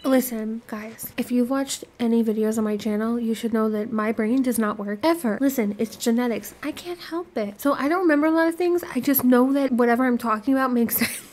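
A woman's voice: a little high, fairly quick, few pauses, a little mellow. A woman hosting her gaming channel, reacting with dramatic, profane, exaggerated outbursts during casual game commentary.

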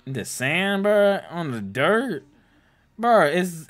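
A young man hosting a casual movie reaction, excitable and slangy, laughing and swearing as he talks to viewers. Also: on the high side, extremely slow, faint music behind. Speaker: reaction host.

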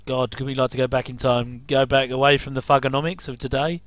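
Guy rambling over an old tv show, chuckles a lot, smooth clear voice, dry close sound. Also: mid-range voice, little pitch movement, fast talker, fairly bright tone, dry recording. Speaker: commentator. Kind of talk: casual film commentary.

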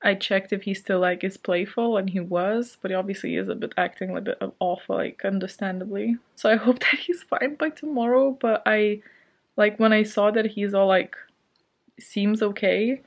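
A woman's voice: medium pitch, steady tone, normal speed. Shaken woman vlogging from bed. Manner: rambling with many fillers and nervous laughs. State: shaken and anxious. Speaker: book vlogger. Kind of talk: casual vlog chat. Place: at home, sitting in bed.

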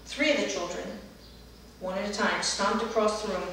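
Middle-aged woman, dance therapist, calm gentle storytelling, very roomy echo, voice heard from a distance. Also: mid-range voice, normal speed, heavy background noise. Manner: calm, gentle storytelling, livelier when acting out children.

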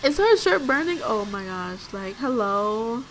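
A woman's voice: a little high, very animated, a little slow, fairly bright tone, slight background noise. A young woman hosting a let's play, giving chatty, exclamatory gameplay commentary straight to her viewers.

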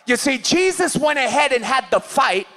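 A male pastor with a Californian accent, preaching an impassioned sermon, often shouting and acting out little scenes. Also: very high-pitched, expressive, normal speed, a faint crowd. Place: church service.

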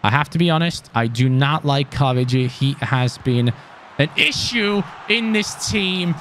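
A gaming YouTuber, a man commentating his own football game, casual and chatty, yelling when his team scores. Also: medium pitch, unhurried, slight background noise. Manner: excitable, yelling at goals. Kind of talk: live gameplay commentary.

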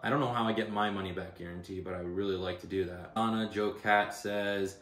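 A man's voice: on the low side, steady tone, brisk, hardly any pauses, a bit bright, echoey room. A man telling an aggrieved, exasperated story about a bad customer experience, speaking casually. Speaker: customer posting a complaint video. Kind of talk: casual spoken complaint.

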